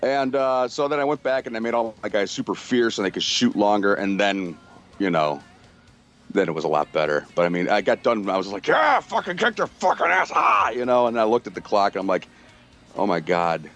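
Swearing, rambling low-voiced man. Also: brisk, lo-fi sound, soft background music. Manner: swearing, rambling storytelling with animated quotes. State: tired from little sleep. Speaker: podcast regular. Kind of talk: casual chat.

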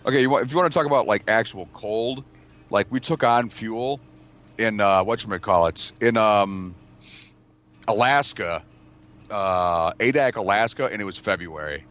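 A man's voice: lowish voice, moderate pace, a bit bright. A man telling rambling, profane stories in a casual podcast chat over a remote call. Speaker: podcast co-host.

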